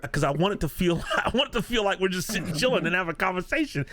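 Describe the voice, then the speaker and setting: A man co-hosting a podcast in casual chat, ranting with animated energy and laughing often. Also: high voice, racing, few pauses. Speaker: podcast co-host. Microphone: video podcast mic.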